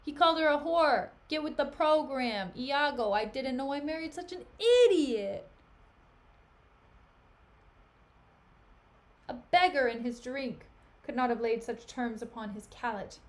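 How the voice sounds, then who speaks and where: A woman's voice: high voice, normal speed, lightly acted. A woman reading the part of a loyal, outspoken female servant, blunt and protective. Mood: indignant. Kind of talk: dramatic reading of a play.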